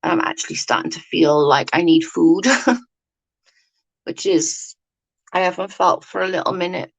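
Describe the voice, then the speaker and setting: A woman's voice: fairly low pitch, steady tone, measured pace, gravelly, poor audio. Woman ranting on a casual stream, swears a lot, says like constantly. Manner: blunt and sweary, ranting, many "like" fillers. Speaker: livestream host chatting with viewers. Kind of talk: casual chat.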